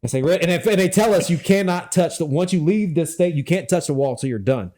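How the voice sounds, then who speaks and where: A man with a slightly high voice tells a story in a loose, laughing, profane way. He is animated and breaks into laughter often as he talks. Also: fast talker. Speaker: guest, former Secret Service officer. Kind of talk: casual storytelling chat.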